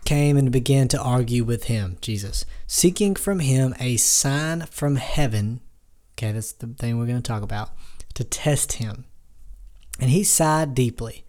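A man with a mellow, warm tone leads a casual Bible devotional. He reads scripture aloud and then talks it through in an easygoing way, full of "um"s and restarts. His pitch sits in an ordinary middle range. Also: moderate pace. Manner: relaxed with frequent fillers and restarts. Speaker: Bible teacher.

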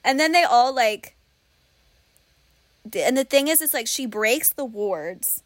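A young woman co-hosting a podcast, chatting casually about a book. Her voice sits a little high and sounds dry and close to the mic. She is animated and laughs easily, acting out the characters' reactions. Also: measured pace, no room sound. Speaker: podcast co-host.

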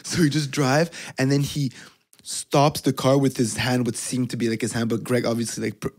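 A man's voice: medium pitch, little pitch movement, moderate pace. A man co-hosting a podcast, telling a story in casual, profane chat. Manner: reacts loudly, swears, says bro. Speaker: podcast co-host.

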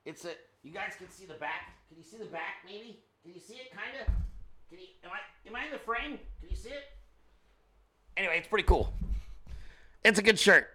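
Male host: bright, tense-edged voice, casual joking rambler who swears freely. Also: high voice, expressive, a little fast, pauses often. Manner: reads sponsor ads informally. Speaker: show host. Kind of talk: casual live-stream commentary.

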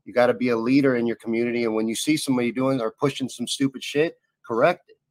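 A man's voice: mid-range voice, steady tone, fast talker, no room sound. A man hosting a talk show, agreeing with his guest and adding his own points. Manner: agreeable, affirming. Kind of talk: casual talk show chat.

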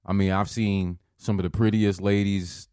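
Laid-back profane man, low voice. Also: little pitch movement, normal speed, a little mellow, clean tone, dry recording, clean studio sound. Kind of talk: casual storytelling chat.

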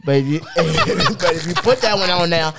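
A man's voice: on the high side, sing-song, normal speed, noisy background. A man hosting a sports betting picks segment in casual podcast banter, hyped and boastful, laughing often.

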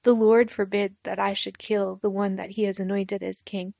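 A woman's voice: medium pitch, level tone, moderate pace, vocal fry, dark tone, no echo, lightly acted. An earnest young warrior-king pleads his case from a dry, close-up reading, as a woman reads his lines aloud. His voice sits in a middle register and rises with emphasis. The effect is storybook scripture reading rather than full acting.

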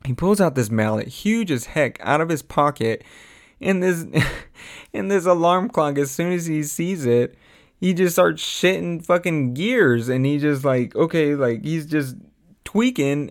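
A young man casually chatting to his audience, rambling with many fillers, frequent laughs and animated quoted lines. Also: a little high, a little slow. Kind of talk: casual chat.

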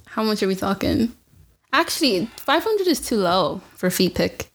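Young female podcast co-host, mid-pitched voice, blunt and giggly in conversation. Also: big pitch swings. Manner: frank, giggly, reacts with quick asides. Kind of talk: casual chat.

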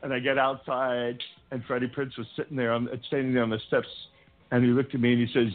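An older man appears as a podcast guest in a casual interview, recounting wild tales from his youth. His mid-range voice moves fairly quickly over soft background music, and he stammers through restarts while shouting out the lines of the people he quotes. The line sounds tinny, like a phone.

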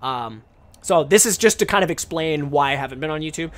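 A man's voice: a little high, animated, fairly quick, fairly bright tone. A young man streamer and English teacher talking casually to camera, rambling and restarting his sentences with lots of fillers. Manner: rambling, self-interrupting, many fillers.

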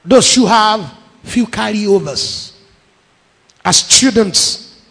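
A man's voice: high voice, lively intonation, drawn-out words, gravelly, bright, forceful tone, breathy edge. A middle-aged man with a Nigerian accent preaching a sermon, emphatic, piling up repeated phrases. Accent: Nigerian English. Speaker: pastor. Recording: long echo of a large hall.

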